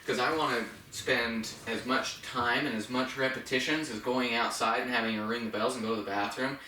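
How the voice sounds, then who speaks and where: Guy dog trainer walking owners through a demo, crisp bright voice, faint room noise. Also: fairly even intonation, moderate pace, roomy sound, far from the mic. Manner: instructive, talks to the dog in high praise bursts. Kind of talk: casual training demonstration.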